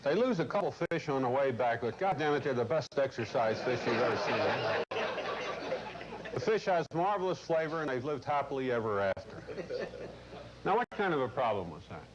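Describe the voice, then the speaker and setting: A man giving a lecture to a corporate class, telling a long story in a blunt, salty, animated way. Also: mid-range voice, fairly quick. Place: lecture room. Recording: muffled old videotape with faint hiss.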